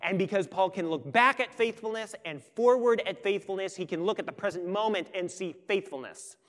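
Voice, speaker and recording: A pastor preaching a sermon with earnest emphasis that swells and then turns quiet and intimate. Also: male voice, sits high, a little fast. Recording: long hall reverb.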